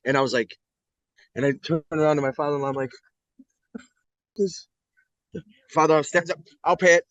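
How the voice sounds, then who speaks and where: A man's voice: on the high side, fast, no echo. A middle-aged man from the United States recounts his story as an interview guest, blunt and profane, acting out the other people in it as he goes. The recording is dull and lo-fi, and dry with no room sound. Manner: blunt, profane, animated retelling. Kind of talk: candid storytelling.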